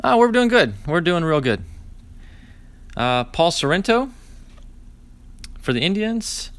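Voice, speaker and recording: Man in his 40s streaming a card break, chatty, sarcastic storyteller, animated greetings to chat. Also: sits high, takes it slowly, smooth. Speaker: host opening card packs.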